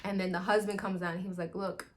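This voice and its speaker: A young adult woman vlogging a casual movie review, retelling scenes in a slangy, excitable way full of "like". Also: fairly low pitch, quick pace, slight background noise.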